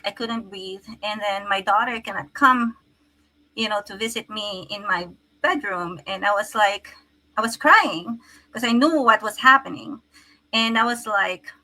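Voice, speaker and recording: A woman's voice: fairly high pitch, sharp tone, low-quality recording. A middle-aged woman, a physical therapist, telling her story earnestly in an interview, with frequent restarts. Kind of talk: conversational interview.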